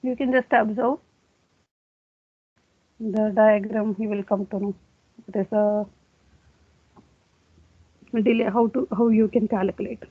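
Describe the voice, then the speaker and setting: A woman's voice: medium pitch, fairly even intonation, takes it slowly, long pauses, breathy edge, no echo. A woman giving a classroom lecture, explaining step by step and often saying okay. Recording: dry, tinny phone-like sound.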